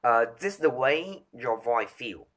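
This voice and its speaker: Man, recited talk, slow delivery, bright voice, halting, frequent restarts. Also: mid-range voice, expressive. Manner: halting, stumbling over words and restarting often. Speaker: speaker rehearsing a talk on voice. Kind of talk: recited speech.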